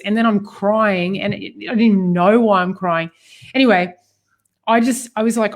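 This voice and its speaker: Speaking at medium pitch and a little fast, a female co-host shares stories during a personal talk on healing. Her storytelling is animated, packed with fillers and frequent laughter.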